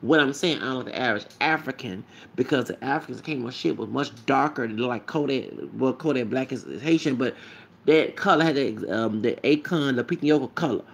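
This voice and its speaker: A man's voice: medium pitch, fairly quick, gravelly, husky. A man ranting casually to his camera as a vlogger, rambling and repetitive, with emphatic asides.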